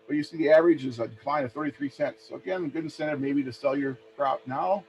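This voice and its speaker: Man, extension presenter, steady slide-by-slide delivery; slightly high voice, lo-fi webinar mic with faint hum. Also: quick pace. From Minnesota. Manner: plain, steady walk-through of price charts, asks for next slide often.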